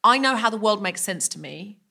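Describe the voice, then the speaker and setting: A woman's voice: medium pitch, expressive, a little fast, vocal fry, pushed and bright. A woman hosting a live comedy podcast, explaining ideas thoughtfully to a guest in front of an audience. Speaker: podcast host.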